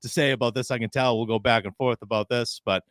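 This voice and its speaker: A man's voice: mid-range voice, steady tone, quick pace, a bit bright, no room sound. A man co-hosting a wrestling podcast, retelling a backstage story in casual chat and laughing often as he quotes others. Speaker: podcast co-host.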